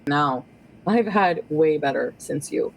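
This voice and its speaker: A woman's voice: low-pitched, animated, takes it slowly, poor audio. A woman in a played clip, ranting bitterly at someone she accuses, swearing freely. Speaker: person in clip being reacted to. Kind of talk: angry online rant.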